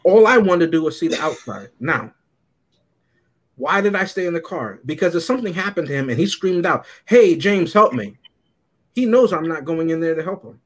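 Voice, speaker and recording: Animated storytelling man, slightly high voice. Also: a little fast. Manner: animated storyteller, laughs often. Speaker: podcast co-host reviewing a movie. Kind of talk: casual chat.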